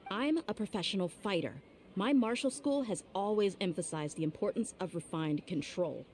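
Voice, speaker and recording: A woman's voice: mid-range voice, moderate pace, darkish tone, a little hiss or hum, lightly acted. A self-assured young swordswoman from a video game, played by a woman, with a voice in the middle range. She speaks bluntly and plainly, and sounds sure of every point she makes. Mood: steady. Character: confident young swordswoman mercenary. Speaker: professional fighter.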